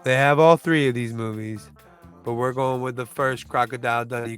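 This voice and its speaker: A man's voice: medium pitch, steady tone, moderate pace, a bit bright, smooth, soft background music. A man who reviews movies chats casually through a countdown, rambling loosely, restarting and groping for names.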